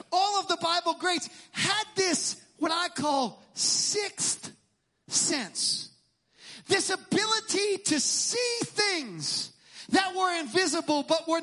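Middle-aged pastor preaching, really high voice, sharp and bright, gets loud sometimes. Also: male voice. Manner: emphatic preaching, sometimes shouting, acts out quotes. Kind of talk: sermon. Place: church.

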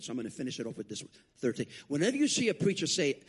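Husky, animated preacher man. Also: fast. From Puerto Rico. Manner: animated, acts out quotes with big pitch jumps. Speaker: guest preacher. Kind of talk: storytelling sermon. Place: church sanctuary.

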